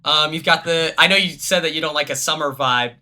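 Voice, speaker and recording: Bright, excitable male streamer. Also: fairly high pitch. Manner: quick, excitable storyteller with lots of fillers. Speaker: streamer host. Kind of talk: casual chat on a livestream.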